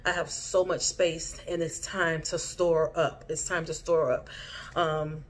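A woman with a slightly low voice recounts a dream for her vlog. She rambles, stops and restarts, and fills the gaps with "um" and "like," in a loose, casual storytelling way. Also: little pitch movement, takes it slowly, a little hiss or hum. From Haiti. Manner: rambling, many fillers and restarts. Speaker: vlogger.

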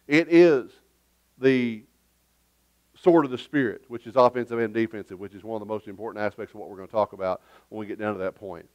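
A man's voice: on the low side, fairly even intonation, brisk, darkish tone, no echo, dull audio. A man preaching a sermon as pastor in a church, emphatic and conversational, with joking asides. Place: church sanctuary.

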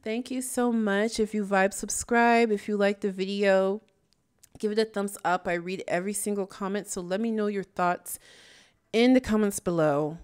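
A woman's voice: mid-range voice, steady tone, normal speed, smooth. A woman hosting a casual commentary video, chatting in a sassy way and laughing often. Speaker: YouTube commentary host. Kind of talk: casual chat.

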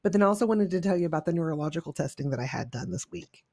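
A mid-pitched co-host on an unscripted podcast, upbeat and quick to laugh while running through a list of topics. The sound is dry and close. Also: expressive, a little mellow, no echo. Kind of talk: unscripted casual chat.

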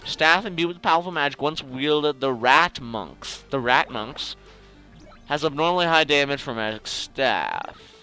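A young man chatting casually through a video game run, joking and talking straight to the enemies. His fairly high voice leaps up and down in pitch. Faint music plays behind him. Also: unhurried. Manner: excitable, jokey, talks to the game and enemies. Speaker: gaming channel host. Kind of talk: casual gameplay commentary.

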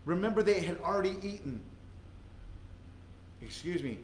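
A man's voice: high-pitched, expressive, moderate pace, roomy sound, slight background noise, poor audio. A male pastor giving a conversational, earnest sermon in a church, repeating phrases for emphasis. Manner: earnest conversational preaching with repetitions.

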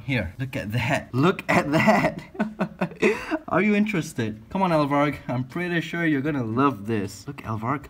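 A man hosting a casual feeding vlog, excitable, laughing often and coaxing his animals. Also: a little high, breathy edge. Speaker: exotic pet keeper and channel host.

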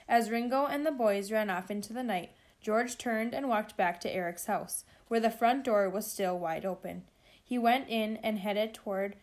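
A woman reading a children's novel aloud in a steady, expressive storytelling way. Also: medium pitch. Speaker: reader.

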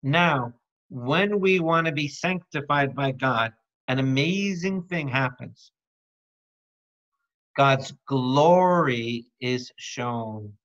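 A bright-voiced man preaching a Bible study in a slow, deliberate pace, quizzing his audience and joking with them. The recording is dull and lo-fi. He keeps a playful, engaging manner throughout. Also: mid-range voice, expressive. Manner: calls out to the audience with repeated questions; playful, jokes and breaks into song. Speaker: priest teaching a Bible study. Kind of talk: lively Bible study teaching.

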